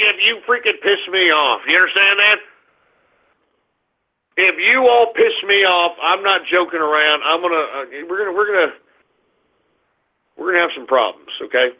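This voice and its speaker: A man hosting an internet radio show, giving a market rundown in a brash, crude, mocking ranting style. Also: high voice. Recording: phone-like lo-fi audio.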